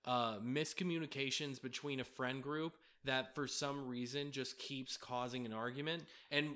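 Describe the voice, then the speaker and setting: Male co-host, bright tone, laid-back and hesitant with lots of ums. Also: medium pitch, normal speed. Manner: relaxed, hesitant, many fillers. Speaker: podcast co-host. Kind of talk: casual reality-TV recap chat.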